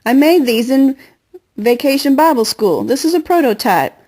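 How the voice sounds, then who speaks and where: A woman's voice: high voice, expressive, mellow, slightly rough, pitched above the performer's own voice. A woman reading an audiobook, voicing a playful, confident girl who chatters and teases. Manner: fast bubbly chatter, teasing. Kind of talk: audiobook character voice.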